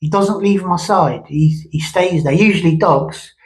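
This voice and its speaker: A man's voice: high-pitched, a little slow, low-quality recording. A man telling a long ghost story from his past in a rambling, conversational way, with many restarts and asides. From England. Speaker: vlogger.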